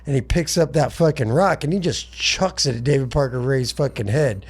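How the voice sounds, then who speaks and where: A man's voice: mid-range voice, moderate pace, breathy edge. A man co-hosting a podcast, telling a long profane comic story in casual chat and voicing the characters in passing. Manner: rambling, profane storytelling with voiced asides. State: been drinking. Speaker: podcast co-host.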